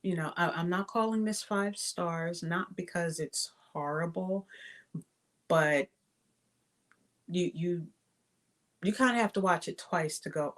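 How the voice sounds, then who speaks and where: A woman giving a casual spoken movie review, thinking aloud with many pauses, fillers and restarts. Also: fairly low pitch. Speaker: film reviewer.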